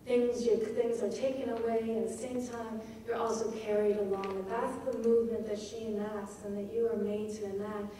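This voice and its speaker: A woman giving a poetry lecture, measured and often checking in with her audience. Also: medium pitch, little pitch movement, mellow, recorded from a distance, slight background noise. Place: lecture hall. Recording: echoey hall recorded from afar.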